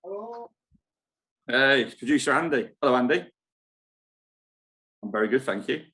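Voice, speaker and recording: A man's voice: medium pitch, fairly bright tone. A man hosting a casual live-stream chat from a holiday park club foyer, talking in a rambling way and laughing easily. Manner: chatty, rambling, quick to laugh. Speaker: show host at a holiday park.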